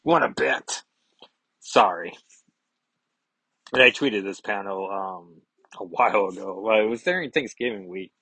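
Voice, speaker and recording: A man's voice: fairly low pitch, normal speed, bright, forceful tone, slightly rough, no echo, rough recording. A man hosting a casual podcast, recapping a comic book in a rambling way, with many fillers and self-corrections, on a close microphone. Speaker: podcast host.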